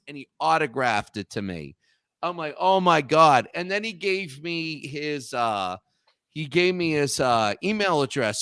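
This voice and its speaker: A man's voice: fairly high pitch, clean tone, dry recording. A man in his thirties tells a long, rambling story as a guest on a casual talk show, restarting his sentences as he goes. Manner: rambling, animated anecdote with restarts.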